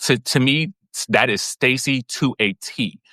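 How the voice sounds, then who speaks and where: A man co-hosting a podcast, telling stories in an animated, expressive way during a casual chat. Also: medium pitch, unhurried, dry recording, studio quality. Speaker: podcast co-host.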